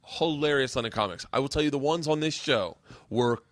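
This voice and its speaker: Profane, animated male comedian host. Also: medium pitch, brisk, no echo. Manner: profane, animated, swears freely. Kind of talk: casual storytelling.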